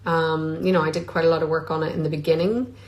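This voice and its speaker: A woman with a slightly low voice, talking casually into her phone on a live stream. She reads out fans' questions and answers them with lots of "um"s along the way. She is an actress chatting easily from Scotland. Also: little pitch movement, fast talker, darkish tone, highs cut off. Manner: reads questions aloud, many filler ums. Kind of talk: casual livestream Q&A. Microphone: phone on a social media live stream.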